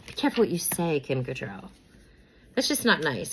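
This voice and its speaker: A woman's voice: deep voice, very animated, a little fast, husky, rough recording. A woman chatting casually about celebrity gossip while doing her makeup, rambling with many fillers and repeats, and sometimes whispering names as she pulls cards.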